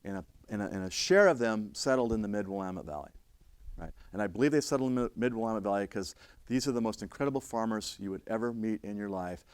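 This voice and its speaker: Older male instructor, low voice, dry close sound; emphatic storytelling with restarts. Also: animated, fast talker, smooth, no room sound. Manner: emphatic, with frequent restarts and swings in loudness. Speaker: fire service instructor. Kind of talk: storytelling lecture.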